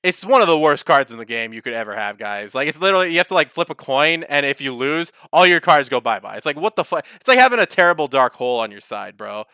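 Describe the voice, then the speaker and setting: A young man co-hosting a casual podcast chat, animated and swearing, breaking into excited mock voices. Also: a little high, fast talker, hardly any pauses, smooth, no room sound, clean studio sound. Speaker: podcast co-host.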